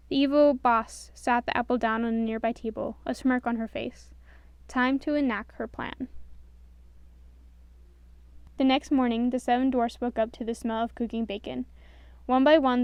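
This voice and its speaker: Smooth-voiced woman storyteller. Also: on the high side, no echo. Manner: expressive, does all voices. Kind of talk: storybook narration.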